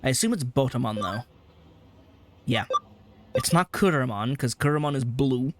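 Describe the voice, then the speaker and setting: Brief: man, let's play host, wry rambling commentary, animated pitch. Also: moderate pace. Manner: wry, rambling gamer chatter.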